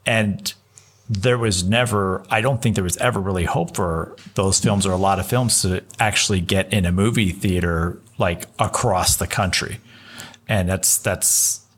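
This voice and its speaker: Husky, deep-voiced man co-hosting. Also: a bit bright. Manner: measured, agreeable, stumbles on repeated words. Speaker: podcast co-host. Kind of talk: casual film chat.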